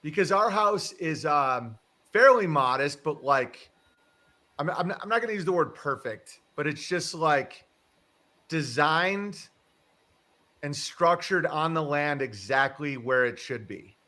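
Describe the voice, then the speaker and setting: A man's voice: fairly high pitch, expressive, takes it slowly, sharp tone. A man hosting a casual livestream, rambling through a story, chuckling and swearing casually. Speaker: livestream host. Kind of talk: casual chat.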